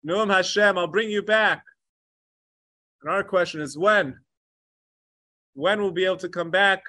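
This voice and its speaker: A rabbi passionately teaches a Torah lecture on the Tisha B'Av kinos, weaving Hebrew learning terms into his English and swinging between emphatic peaks and hushed asides. His voice is high-pitched, recorded in clean studio sound with no room sound.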